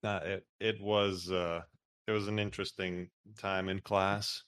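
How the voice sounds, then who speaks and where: A man's voice: sits low, flat delivery, unhurried, fairly bright tone, smooth, dry recording, studio quality. A young man from Serbia, a podcast guest, telling stories in a wry, matter-of-fact way. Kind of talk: casual interview chat.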